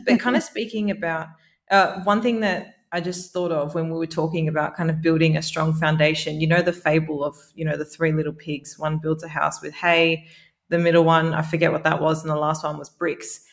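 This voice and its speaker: Low, gravelly-voiced woman podcast host. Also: flat delivery, brisk. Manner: thoughtful, rambling, hesitant. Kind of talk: casual podcast interview.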